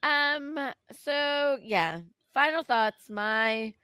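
A woman co-hosting a casual podcast, talking haltingly and emotionally with many restarts, close to tears. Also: high-pitched, lively intonation, sharp tone, no echo. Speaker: co-host.

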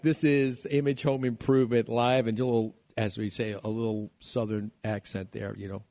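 A man's voice: medium pitch, flat delivery, normal speed, hardly any pauses, warm tone, no echo, studio quality. Chatty male radio host from New York. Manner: chatty, laughing, rambling. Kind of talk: casual chat.

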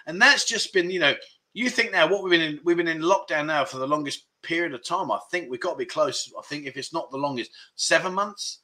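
At a moderate pace, a man with a slightly high, pushed and bright voice hosts a casual livestream chat. He reads out what viewers write in the chat and talks it over in a chatty way, often using fillers.

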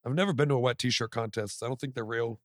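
A man's voice: medium pitch, fast, dry recording, clean studio sound. A man co-hosting a podcast, joking and rambling in casual banter. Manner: joking, rambling, puts on voices. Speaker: podcast co-host.

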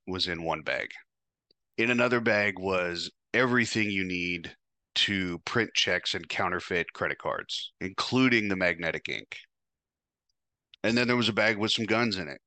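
A man's voice: low voice, pushed and bright, no echo. A man hosting a podcast, telling a first-person story in a casual, profane, wry way. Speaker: podcast host.

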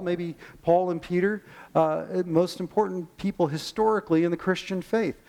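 A man preaching a sermon in a church. He is animated, acts out the voices in his stories and slows down to stress his key lines. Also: high voice. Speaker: pastor.

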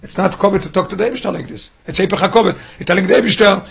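A rabbi teaches a Torah lesson in a high, racing, creaky voice with a breathy edge, barely pausing as he fires off one rhetorical question after another. He sprinkles in Yiddish and Hebrew terms along the way.

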